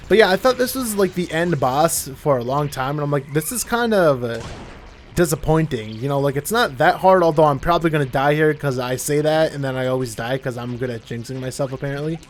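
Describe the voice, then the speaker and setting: A man's voice: fairly high pitch, quick pace, hardly any pauses, a little hiss or hum. A young man giving casual, rambling commentary while playing a video game, often correcting himself mid-sentence. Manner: rambling, self-correcting, chatty. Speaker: gameplay commentator. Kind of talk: casual let's-play commentary.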